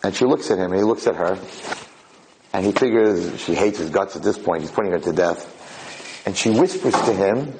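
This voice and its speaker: A man telling a dramatic story in a lecture, animated and acting out the characters' voices. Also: low-pitched, moderate pace, slight background noise, poor audio.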